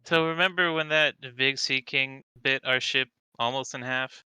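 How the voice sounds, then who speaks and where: A man's voice: medium pitch, fairly even intonation, moderate pace, pushed and bright, clean tone, rough recording. A man playing his character in a tabletop game, talking playfully and scheming in character. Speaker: player. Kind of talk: in-character tabletop role-play.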